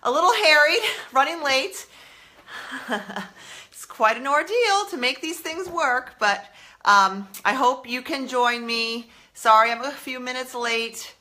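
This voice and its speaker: A woman's voice: high voice, pushed and bright. A woman hosting a casual live stream about fashion, chatty and rambling, stopping to correct herself, a little out of breath. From Massachusetts, US. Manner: chatty, rambling, self-interrupting.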